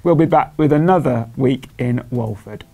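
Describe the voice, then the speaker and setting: A man's voice: medium pitch, moderate pace, vocal fry. A man co-hosting a podcast in casual chat, laughing often and drawing out hesitant phrases. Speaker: podcast co-host.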